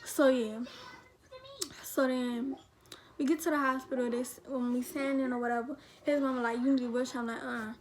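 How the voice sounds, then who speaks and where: High-voiced young woman telling a rambling story. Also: little pitch movement, normal speed, a little hiss or hum. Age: teens. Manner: rambling, slangy, frequent "like" and quoted dialogue. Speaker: vlogger. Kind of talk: storytime, casual retelling.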